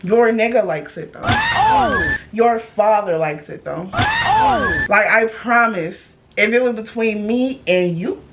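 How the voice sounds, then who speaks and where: A young woman telling a story on her vlog in a loud, brash, profane and animated casual manner. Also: medium pitch, measured pace, few pauses, heavy background noise. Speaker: storytime vlogger.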